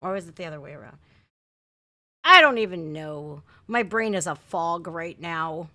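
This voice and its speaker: A middle-aged woman, chatting loudly and excitably on a live stream while reacting to music videos. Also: fairly low pitch, moderate pace. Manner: loud, brash and excitable, shouting and laughing.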